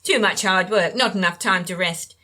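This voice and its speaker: A woman puts on a frail older woman for this audiobook, nasal and evasive. Her tone is bright and keen, and she speaks in halting bits, trailing off as if talking to herself. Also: fairly low pitch. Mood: bitter. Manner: halting, drifting, talks to herself. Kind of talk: audiobook character reading.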